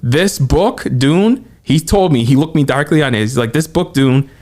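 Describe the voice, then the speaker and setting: A man co-hosting a podcast, talking quickly and excitedly in casual movie chat and acting out quotes as he goes. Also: on the high side. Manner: excited, animated retelling with quoted asides. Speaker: podcast co-host.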